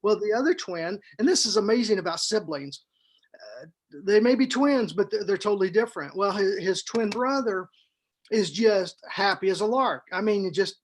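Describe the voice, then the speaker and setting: A man, co-host and author on a podcast, tells a story in a casual, animated way, repeating himself and adding fillers as he goes. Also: sits high, moderate pace. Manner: animated, rambling storyteller who repeats words.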